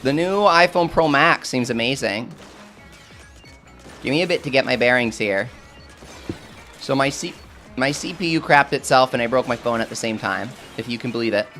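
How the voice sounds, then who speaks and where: A man's voice: medium pitch, normal speed, pauses often, sharp tone, faint music behind. A man streaming a game live, chatting casually with his viewers and answering their questions while he has the hiccups. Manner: chatty, self-deprecating, answers chat questions.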